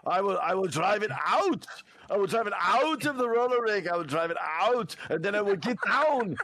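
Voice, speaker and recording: A man putting on a thick Austrian accent to play a blustering muscleman action hero who shouts in rising panic. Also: high-pitched, expressive, moderate pace, pitched above the performer's own voice, heavily acted. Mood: bewildered. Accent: put-on Austrian. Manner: bellowing, escalating panic.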